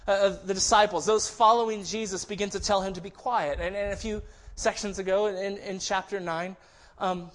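A man's voice: sits high, steady tone, moderate pace, hardly any pauses. A man preaching a sermon in a conversational way, often restarting phrases and acting out quoted voices. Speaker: pastor.

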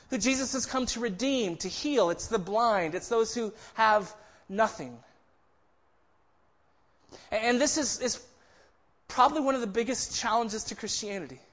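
High-voiced guy preaching, chatty and animated, keeps restarting lines. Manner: conversational preaching with frequent restarts. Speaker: pastor. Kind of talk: sermon.

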